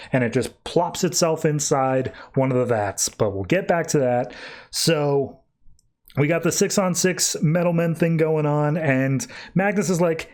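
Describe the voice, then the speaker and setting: A man's voice: a little high, a little mellow. A man hosting a podcast, recapping a comic book issue in a loose, casual way with many fillers. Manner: loose and chatty, many fillers, quick bursts. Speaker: podcast host.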